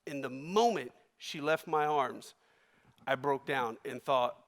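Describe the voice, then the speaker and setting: A man giving a keynote speech, telling a personal story with emotion, his voice swinging between loud and hushed. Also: medium pitch, takes it slowly. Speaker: keynote speaker. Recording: long reverb of a large hall.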